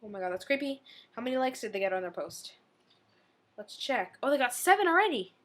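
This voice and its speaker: Bright, giggly young woman vlogging. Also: a little high, big pitch swings, a little fast. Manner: giggly, talks to the camera. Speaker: vlog host. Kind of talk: casual chat.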